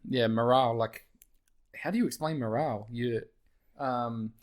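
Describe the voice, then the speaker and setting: A man's voice: mid-range voice, moderate pace. A man co-hosting a podcast with his brother, teasing him in casual banter and laughing often. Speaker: podcast co-host.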